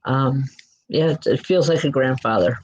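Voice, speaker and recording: A woman working as a psychic medium, giving spirit readings in a gentle, reassuring way and speaking straight to listeners by name. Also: extremely low pitch, normal speed, slightly rough. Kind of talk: live spirit readings and announcements. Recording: dull lo-fi recording.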